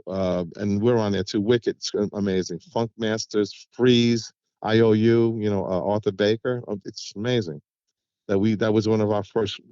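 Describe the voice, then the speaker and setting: A man's voice: normal speed, smooth, dry recording, dull audio. A man guest on an interview show, chatting casually and telling stories with vivid voiced quotes. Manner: animated storyteller, acts out quotes with big pitch jumps. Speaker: guest vocalist.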